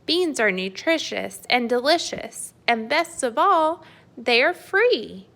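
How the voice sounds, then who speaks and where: A woman's voice: sits high, big pitch swings, slow pace, fairly bright tone, voice pushed up, full character voice. A woman voicing a bossy, practical giantess housewife who scolds in a storybook read-aloud. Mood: scolding. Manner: scolding, matter-of-fact.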